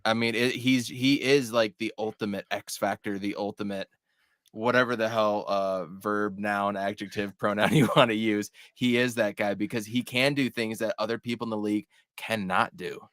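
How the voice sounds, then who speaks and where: Low voiced coach guy on a sports pod, fired up, swears a lot, dry close sound. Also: normal speed, dry recording. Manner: animated, swears freely, restarts words. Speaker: podcast guest, coach. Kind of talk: casual sports podcast chat.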